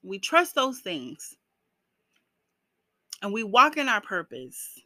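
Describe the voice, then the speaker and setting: A woman's voice: medium pitch, very animated, slow pace, bright, forceful tone, no echo. A woman talking to her viewers in an earnest, encouraging vlog, full of "you know" fillers. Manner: emotional, breaks into laughs while speaking. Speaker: vlogger.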